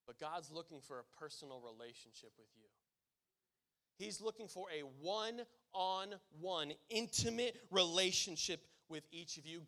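A man's voice: sits high, bright, forceful tone. A male preacher giving a sermon, telling a casual story that builds to emphatic preaching.

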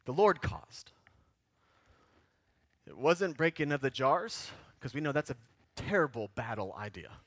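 A man preaching a sermon, animated and repetitive, repeating key lines for emphasis before dropping low and quiet. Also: moderate pace, dry recording. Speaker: pastor.

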